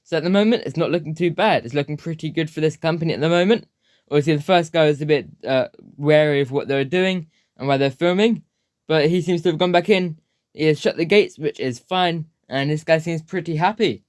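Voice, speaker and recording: A man's voice: on the high side, fairly quick, a little mellow, no echo, studio quality. A man commenting on a video as reaction host, hesitant and hedging, leaning on filler phrases. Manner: hesitant, hedging, repeats "obviously".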